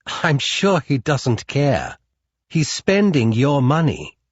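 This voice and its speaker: A man's voice: medium pitch, wildly swooping pitch, breathy edge, dry recording, dull audio, exaggerated voice. A man voicing a purring German hitwoman. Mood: menacing. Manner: slow, menacing, sweetly threatening. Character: cold, cruel German female assassin, purring.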